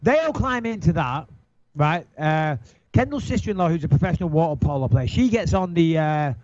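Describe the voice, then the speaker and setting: A man in an interview telling a story in a casual way. He is animated, swears a lot and acts out his own panicked thoughts. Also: a little high, fairly quick, no echo. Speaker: interview guest. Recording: dull, dry recording.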